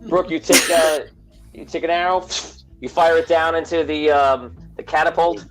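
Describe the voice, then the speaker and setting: A man's voice: fairly high pitch, steady tone, moderate pace, soft background music, low-quality recording. A man chatting and laughing casually while running an online tabletop game stream.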